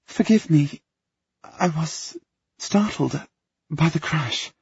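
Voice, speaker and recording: A man with a raspy voice playing a shy, bookish young noblewoman with a soft, airy, quiet delivery, in a dull, dry recording. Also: a little high, slow, dry recording, pitched above the performer's own voice, heavily acted. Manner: quiet, gentle.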